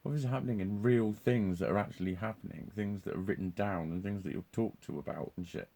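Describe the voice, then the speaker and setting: Male vlogger with a deep, warm voice, loose and profane, breaks into laughs. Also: quick pace, creaky. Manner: swears constantly, laughs often, restarts sentences. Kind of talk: rambling live monologue.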